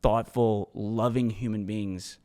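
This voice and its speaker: A man's voice: lowish voice, steady tone, slow pace, dark tone, long reverb tail. A man hosting a solo podcast, talking in a loose, rambling way and swearing freely. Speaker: podcast host.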